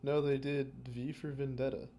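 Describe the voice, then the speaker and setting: A man's voice: medium pitch, flat delivery, moderate pace, dark tone. A man co-hosting a casual movie podcast, playful and joking, who often trails off mid-thought. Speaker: podcast co-host. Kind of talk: casual chat about movies.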